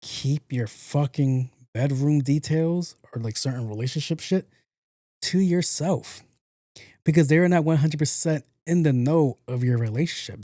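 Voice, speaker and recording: Mellow profane joking podcast man. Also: mid-range voice, normal speed, no room sound, clean studio sound. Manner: profane, joking, repeats himself. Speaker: podcast host. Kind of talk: casual podcast commentary.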